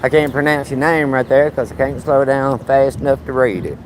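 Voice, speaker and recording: Brisk and mid-range, the voice belongs to a 50-something man live-streaming a casual chat as he walks his dog down a neighborhood street. He addresses the dog with folksy jokes, and the background is noisy with faint outdoor ambience.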